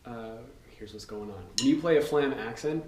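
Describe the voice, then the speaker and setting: Here a drum teacher talks through rudiments in a loose, easygoing way, his voice mid-range and his pace moderate. Fillers and counting out loud run through the casual instruction. It's picked up by a far-off mic in a roomy space with heavy noise.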